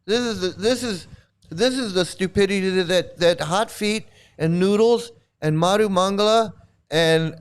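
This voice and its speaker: A man's voice: sits high, clear, resonant tone. A man hosting a live commentary stream, mocking and sarcastic as he reacts to chat comments, rambling with frequent restarts. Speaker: channel host.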